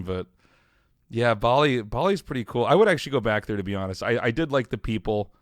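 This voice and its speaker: A man from the United States hosting a podcast, chatting in a relaxed, laid-back way and often trailing off mid-sentence. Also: medium pitch, fairly quick, dry recording, clean studio sound. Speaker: podcast host. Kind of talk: casual podcast chat.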